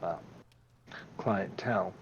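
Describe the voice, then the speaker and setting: Low-voiced male tabletop player. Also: takes it slowly, dull audio, a little hiss or hum. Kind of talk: casual chat at a tabletop game.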